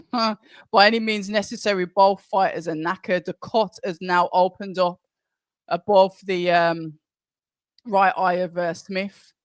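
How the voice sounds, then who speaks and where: The man's voice is high-pitched, clear and resonant, captured in a dry, clean studio recording. He's hosting a live boxing watch-along, excitably calling punches fast round after round and chatting with his viewers between them.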